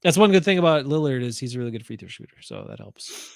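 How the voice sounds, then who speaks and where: A man's voice: mid-range voice, wildly swooping pitch, fast talker, vocal fry, no echo, studio quality. A man co-hosting a casual sports chat, blunt and opinionated, rambling through his points. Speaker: podcast co-host.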